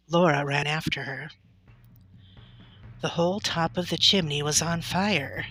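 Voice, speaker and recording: A woman reading a chapter book aloud, slow and even. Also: deep voice. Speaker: storybook reader. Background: faint music.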